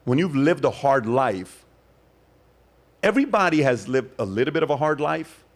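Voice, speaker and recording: Hosting a laid-back podcast, this man talks at a moderate clip in a medium register. His delivery is emphatic and story-driven, peppered with lively asides.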